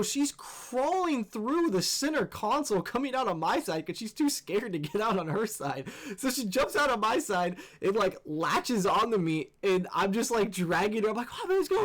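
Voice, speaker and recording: A young man, host of a gaming channel, telling a scary story in an animated, excitable way and swearing freely. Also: high-pitched, moderate pace, hardly any pauses. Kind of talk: casual storytelling over gameplay.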